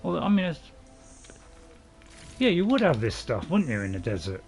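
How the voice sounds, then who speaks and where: A man hosting a gaming channel, giving live commentary as he plays and talking to himself, swinging between panic and calm. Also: on the high side, moderate pace, faint music behind.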